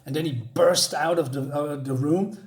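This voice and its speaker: A man's voice: on the high side, steady tone, moderate pace. A man giving a casual spoken comic review, hesitant with many restarts and enthusiastic asides.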